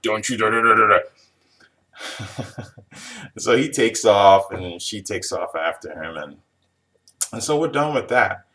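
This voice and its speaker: A man's voice: medium pitch, a bit bright. A man casually recapping a TV episode for a review video, rambling, chuckling and restarting sentences. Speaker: TV show reviewer.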